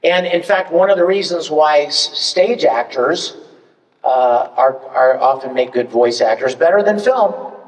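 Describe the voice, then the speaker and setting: Male voice actor as panel guest, animated storyteller, a touch high, recorded far from the mic in a reverberant hall. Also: unhurried. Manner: animated, acts out examples with big swings. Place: convention panel room.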